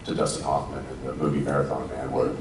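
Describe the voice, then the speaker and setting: Very deep-voiced man telling stories in a hall. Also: monotone, noisy background. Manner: thoughtful, unhurried, trails off and restarts. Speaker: actor on a convention panel. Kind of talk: reflective storytelling to a live audience. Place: large convention hall stage. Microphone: handheld mic, recorded from the audience. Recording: distant echoey hall audience recording.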